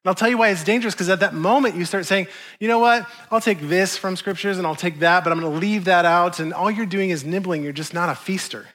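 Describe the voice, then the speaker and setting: A middle-aged male pastor preaching a sermon in a conversational, animated way, acting out quotes. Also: high voice, fast talker.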